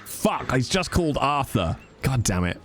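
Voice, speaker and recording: A man chatting casually on his stream with a lively, bouncing pitch, rambling and swearing freely as he goes. Music plays steadily behind him. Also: normal speed.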